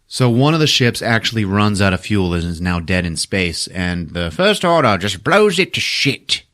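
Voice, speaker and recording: A man casually recapping a movie for a podcast, swearing, laughing and acting out the characters in quick voices. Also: fairly low pitch, very animated, a bit bright. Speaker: podcast host recapping a film.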